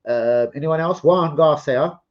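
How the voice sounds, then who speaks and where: A man, ranting and joking with plenty of swearing on a casual live stream, mocking and animated. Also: on the high side, measured pace. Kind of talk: casual livestream rant. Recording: dull lo-fi stream audio.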